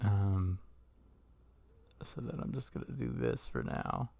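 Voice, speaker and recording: A man's voice: low voice, very animated, slow, gravelly, warm tone. A man co-hosting a podcast, talking casually and wryly as he works through numbers. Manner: wry, mumbling while working through numbers. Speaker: podcast co-host. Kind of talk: casual chat.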